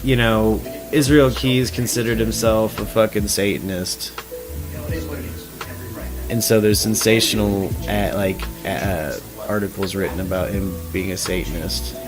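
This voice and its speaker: A man with a Southern US accent hosting a late-night stream, loose and profane, laughing often as he talks. His voice sits slightly low. Music runs behind him throughout. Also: steady tone, measured pace. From Arkansas. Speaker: streamer and talk host.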